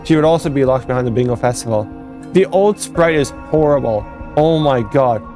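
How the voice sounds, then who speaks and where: A man's voice: medium pitch, a little fast, over music. A young man, a fan game developer, casually commenting over footage, rambling and correcting himself as he goes. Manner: rambling, self-correcting, laughs at own jokes.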